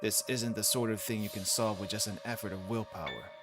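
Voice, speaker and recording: A man doing a quiet, stern American agent. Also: fairly quick, music in the background, natural voice. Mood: grave. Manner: quiet, low muttering delivery.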